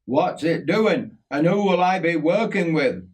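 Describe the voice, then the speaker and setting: A man's voice: a little high, expressive, a little slow, pitched above the performer's own voice. A man voicing an eager, curious fifteen-year-old boy asking questions.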